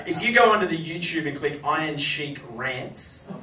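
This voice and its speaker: A man hosts a live chat show, spinning comic stories for an audience and now and then bellowing an impression. His voice sits a little high for a man. He is picked up from a distance in an echoey venue, with the crowd around him. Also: normal speed. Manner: animated storytelling with shouted impressions. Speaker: host. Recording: echoey room from far off, crowd.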